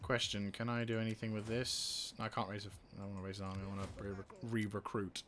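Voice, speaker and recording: A young man commentating his strategy game, swearing freely and venting frustration between calm planning. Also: lowish voice, quick pace. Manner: profane, ranting, venting frustration. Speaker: gaming YouTuber. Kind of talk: let's play commentary.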